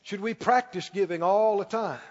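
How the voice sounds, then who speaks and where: A man preaching a sermon as pastor, emphatic, slowing down and rising on key lines. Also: high-pitched. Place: church sanctuary. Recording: dull sound with long hall reverb.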